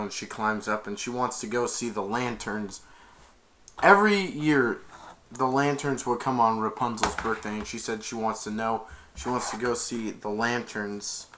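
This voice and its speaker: A man's voice: fairly low pitch, normal speed, a bit bright. A man casually retelling a film's plot, rambling and stringing each event together with "and then". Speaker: film reviewer.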